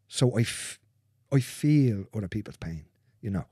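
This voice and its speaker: A man speaking as a guest in a candid conversation, earnest and repetitive, swearing freely and dropping into soft, near-whispered phrases. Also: fairly low pitch, lively intonation, moderate pace, slightly rough, no echo, studio quality.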